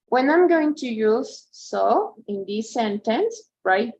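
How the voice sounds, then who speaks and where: A woman's voice: a little high, lively intonation, slow pace, few pauses, darkish tone, husky, highs cut off. A woman teaching in an online lesson, explaining patiently and checking in often with "right?" and "okay?". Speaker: English tutor.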